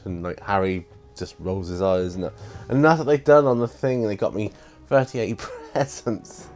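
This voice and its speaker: A man in his fifties talks through his birthday gifts in a fairly low voice. He is eager and rambling, with plenty of ums and restarts. Faint music plays in the background. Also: normal speed, hardly any pauses, a little mellow. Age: 50s. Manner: enthusiastic and rambling, with many fillers. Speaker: hobby vlogger. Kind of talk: casual unboxing vlog.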